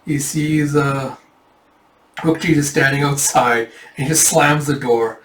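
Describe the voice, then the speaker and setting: A man retelling a manga volume in a casual readthrough, animated and often laughing. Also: medium pitch, slow pace, reverberant, distant mic, a little hiss or hum. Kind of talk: casual comic-book readthrough.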